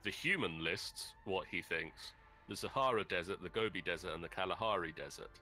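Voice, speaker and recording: A man's voice: sits low, brisk, soft background music. A man co-hosting a livestream, chatting casually and retelling a joke while looking things up online. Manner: relaxed, retelling jokes while searching online. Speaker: livestream co-host. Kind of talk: casual chat.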